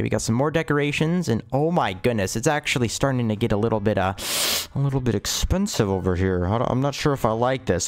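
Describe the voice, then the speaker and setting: A young man giving excitable gameplay commentary as a video host, with wild jumps in pitch. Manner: hyper, jumpy pitch, gasps and exclamations. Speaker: gaming YouTuber. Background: faint music.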